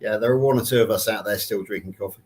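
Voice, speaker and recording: A man's voice: on the low side, quick pace, darkish tone. A man speaking as a podcast co-host in a casual, chatty and upbeat way.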